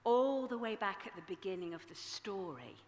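Animated woman preaching in echoey hall. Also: mid-range voice, normal speed. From Yorkshire, England. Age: 40s. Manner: animated, self-mocking storytelling. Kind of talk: sermon. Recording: echoey hall with long reverb.

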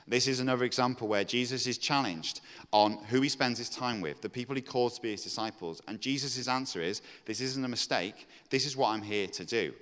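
A man's voice: mid-range voice, fairly quick, a bit bright. A man preaching a conversational sermon, with fillers and restarts as he talks through a passage. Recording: long hall reverb.

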